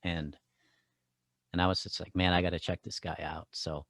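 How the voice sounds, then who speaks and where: A man hosting a podcast interview, talking in a halting way with many fillers. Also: sits low, little pitch movement, a bit bright, no room sound. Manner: halting, friendly, lots of fillers. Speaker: podcast host. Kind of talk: casual interview.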